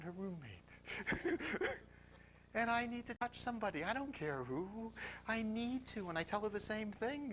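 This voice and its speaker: A man telling a personal story to a live audience, confessional and animated, dropping to near whispers and rising loudly, often laughing. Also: high voice, a little hiss or hum, rough recording. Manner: confessional, swings from hushed to loud, laughs often.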